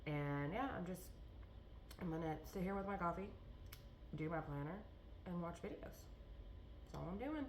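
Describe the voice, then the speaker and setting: A woman's voice: fairly low pitch, animated, a little slow, pauses often, heavy background noise. A young woman vlogging about her day in a rambling, chatty way, with lots of fillers and restarts. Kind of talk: casual vlog chat.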